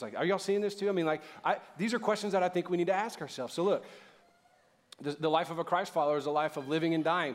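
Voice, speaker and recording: Joking, conversational male preacher. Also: high-pitched. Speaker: pastor. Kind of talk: sermon. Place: church.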